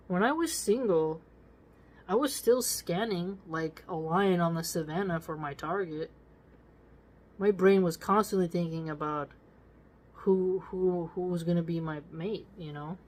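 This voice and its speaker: A woman's voice: fairly low pitch, normal speed, a little mellow. A woman giving casual spoken commentary on a book. She talks to listeners directly in a preachy, emphatic way and repeats words for stress.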